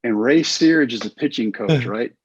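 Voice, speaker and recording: A middle-aged man from Texas, a former baseball pitcher, telling stories in a casual interview and acting out the voices of other people. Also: moderate pace, lo-fi sound, slight background noise. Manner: animated, acts out quoted voices.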